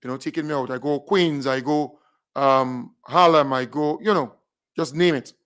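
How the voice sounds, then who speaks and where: A man with a Grenadian accent hosting a radio show, animated, repeating himself as he calls out names and thanks listeners. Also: medium pitch, normal speed, smooth. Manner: animated, repeats phrases, big up shout-outs. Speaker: radio host. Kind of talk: casual radio shout-outs.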